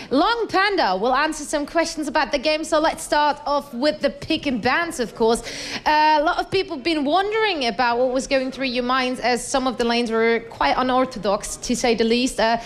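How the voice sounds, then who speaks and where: A woman hosting a post-match interview, asking clear, friendly questions. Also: high voice. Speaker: host and interviewer.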